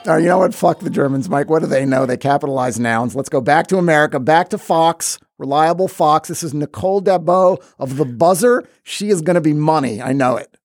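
A man's voice: fairly high pitch, brisk, few pauses, no room sound, clean studio sound, soft background music. A man hosting a sports podcast, talking with playful sarcasm. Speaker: podcast host. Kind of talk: wry sports podcast commentary.

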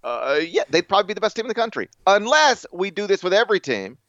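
A man's voice: high voice, very animated, fast talker, a bit bright, no echo, muffled recording. An American man co-hosting a casual sports podcast, bantering with laughs and a self-deprecating manner. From United States. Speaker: podcast co-host.

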